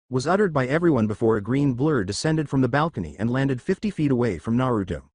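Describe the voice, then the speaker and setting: A man narrating a fan fiction story aloud in a steady reading manner. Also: mid-range voice, quick pace, few pauses, dry recording, studio quality.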